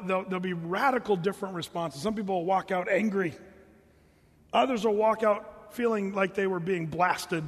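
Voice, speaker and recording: Middle-aged pastor guy preaching, high voice, folksy and earnest, big reverby church sound. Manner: earnest and folksy, talks straight to the congregation. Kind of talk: sermon.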